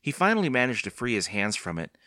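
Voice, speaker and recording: A man narrating a children's horror book as an audiobook reader, steady and expressive. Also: medium pitch, fast, no room sound, studio quality. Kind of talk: scripted storybook narration.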